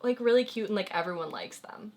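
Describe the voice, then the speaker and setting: A woman's voice: mid-range voice, fairly quick. A young woman hosting a casual chat with her boyfriend, asking him questions and teasing his answers. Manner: chatty, teasing, asks questions. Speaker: channel host.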